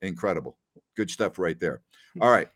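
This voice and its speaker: A man hosting a casual post-game livestream, animated as he reads out viewer comments. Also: deep voice, moderate pace. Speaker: podcast host.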